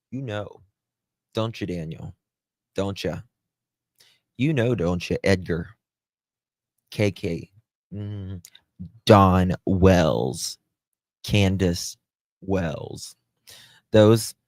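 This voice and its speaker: A man talks slowly in a low voice on a livestream. He greets his chat by name and drifts between topics in loose, unfinished sentences. The sound is dry and close, with no room around it. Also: a little mellow, dry recording. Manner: chatty, greets viewers by name, trails off and restarts. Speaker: livestream host. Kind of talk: casual livestream commentary.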